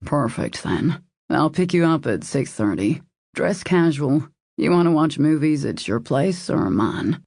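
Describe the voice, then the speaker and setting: A woman voicing a confident, calm adult man who speaks in a smooth, assured and gently teasing way in an audiobook. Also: deep voice, unhurried, no echo, full character voice. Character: confident, calm adult male boss and suitor. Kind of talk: audiobook character voice.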